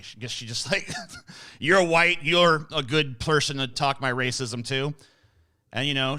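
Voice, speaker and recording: A man's voice: medium pitch, bright, forceful tone, smooth. A young man hosting a casual interview, asking provocative questions in a joking, profane way. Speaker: host.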